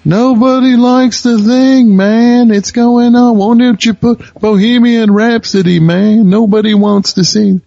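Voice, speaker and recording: A man putting on a snide record-company boss who shouts in a high, sneering squeal. He talks down to everyone in an exaggerated way. The sound is dull and lo-fi. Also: fairly even intonation, slow pace, gravelly, few pauses, no room sound, full character voice.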